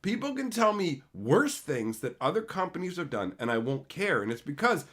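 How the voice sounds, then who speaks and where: Man ranting hotly, lively swooping pitch. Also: moderate pace. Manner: heated, profane, swings from shouting to low mutters. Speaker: channel host. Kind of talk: livestream rant.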